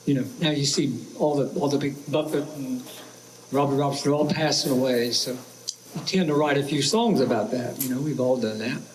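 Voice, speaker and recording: A man's voice: mid-range voice, a little fast, slight background noise, poor audio. Folksy older man talking from the stage. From Ohio. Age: 70s. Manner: folksy, plainspoken, self-deprecating. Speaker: folk singer. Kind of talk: casual stage talk before a song. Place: outdoor picnic stage. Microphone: stage microphone.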